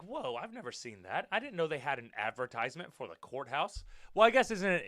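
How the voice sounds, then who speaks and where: A man hosting his own podcast, telling a story in a casual, animated way, swearing freely and talking straight to his listeners. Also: fairly high pitch. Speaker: podcast host.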